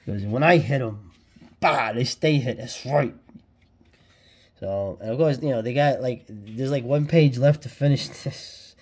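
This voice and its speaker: A man with a husky, medium-pitched voice reviews an old comic book on his casual vlog at a measured pace. His talk is slangy and excited, broken up by frequent laughs.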